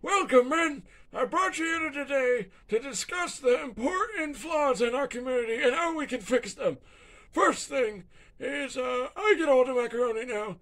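Greedy boastful dictator, very high bright voice, played by a man. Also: lively intonation, normal speed, exaggerated voice. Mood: pompous. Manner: bossy, breaks into shouting tantrums.

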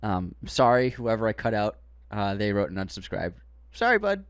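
Animated Boston man reading comments. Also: lowish voice, normal speed, dry recording. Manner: animated, laughs often, quotes comments in put-on voices. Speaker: podcast co-host. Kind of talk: casual chat reading listener comments.

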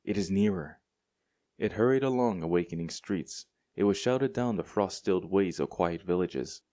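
A male audiobook narrator with a very deep voice, reading a classic story aloud. His delivery is measured and deliberate. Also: warm tone. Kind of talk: scripted narration.

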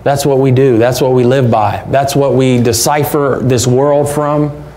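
Male pastor, relaxed warm sermon delivery, faint noise in the church recording. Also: mid-range voice, a little slow. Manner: conversational, folksy, rhetorical questions.

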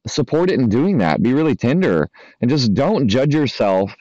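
A man's voice: mid-range voice, sing-song, normal speed, a little mellow, no room sound. A man, a spiritual coach, talking loosely and casually to his listeners, with many fillers and the odd swear word. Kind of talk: casual spoken monologue. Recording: dry, slightly dull lo-fi audio.

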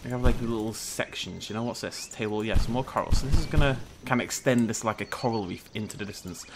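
A young gaming video host with a lowish voice talks fast over background noise. In casual let's-play commentary he chats, jokes, speaks to the animals in the game and lets out sudden shrieks of surprise.

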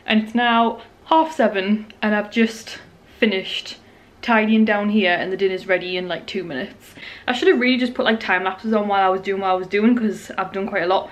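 A woman's voice: medium pitch, a little fast. A young woman, talking casually to her camera at home in a rambling, chatty way. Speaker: vlogger. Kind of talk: casual home vlog chat. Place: at home, indoors.

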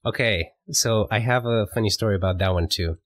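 Low-voiced man chatting on a podcast. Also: fairly quick, dry recording. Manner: relaxed, rambling, laughs often. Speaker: podcast co-host. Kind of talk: casual chat.

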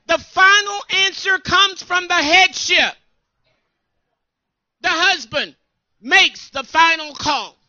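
A woman co-pastor preaching a sermon in an emphatic call-and-response style, often pausing for her congregation to answer. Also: extremely high pitch, sharp tone, dry recording, muffled recording.

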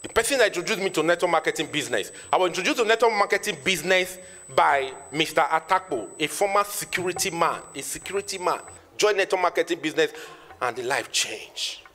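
A man's voice: on the high side, lively intonation, fast talker, pushed and bright, slight background noise. A Nigerian man in his thirties, a network marketing trainer, giving an emphatic motivational speech to an audience and repeating lines for effect. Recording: long reverb in a hall.

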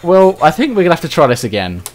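Lively-voiced man in gameplay chatter. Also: a little high, quick pace. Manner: dry, hesitant, trailing off with ums. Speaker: let's play co-host. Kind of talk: casual gameplay commentary.

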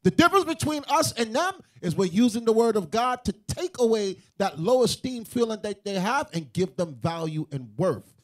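Male preacher, very high pitch, emphatic, climbs to shouting. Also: very animated, normal speed, hardly any pauses. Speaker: teacher in a religious group. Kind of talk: preaching to a room.

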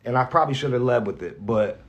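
A radio host delivers a casual farewell message in a medium-pitched, animated voice, talking fast on a recording with the highs cut off. He rambles, swears a lot, keeps restarting sentences, and gets emotional, at times close to tears.

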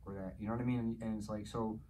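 A man in his forties with a low voice talks openly as a podcast guest. He is frank and profane, and his voice rises sharply when he vents. A faint hum of room ambience sits behind him. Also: level tone, very fast, mellow, rough recording. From New Jersey. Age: 40s. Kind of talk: candid casual chat.

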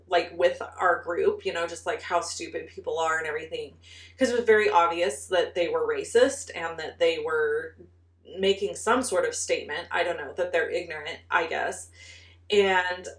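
Chatty woman, lowish voice, roomy. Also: far from the mic. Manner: animated, frequent "like" fillers. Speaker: card-making vlogger. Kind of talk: casual storytelling.

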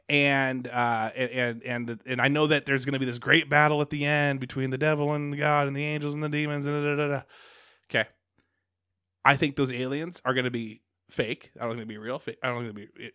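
A man co-hosting a casual podcast chat, rambling and animated with many restarts. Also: mid-range voice, brisk, no echo, studio quality. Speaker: podcast co-host.

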